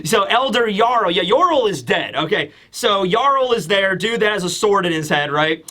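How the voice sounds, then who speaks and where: Male YouTube manga reviewer, high and bright, animated and rambling. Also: moderate pace. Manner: animated, rambling, talks straight to viewers. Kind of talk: casual video review commentary.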